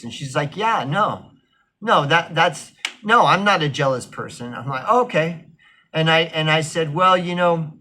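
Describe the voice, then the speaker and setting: A man's voice: on the high side, pushed and bright. A man telling a casual, rambling story, swearing often and packing his talk with fillers. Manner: rambling, profane, full of fillers.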